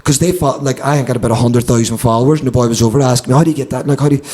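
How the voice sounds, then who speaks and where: A man co-hosting a podcast, talking excitably with swearing and stumbling restarts. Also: medium pitch, very fast, breathy edge. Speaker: podcast co-host. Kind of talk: casual chat.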